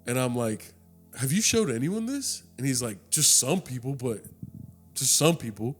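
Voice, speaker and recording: A young man telling a story in a casual podcast chat, animated and profane, acting out the people in his tale. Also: medium pitch, moderate pace, slightly rough, faint music behind.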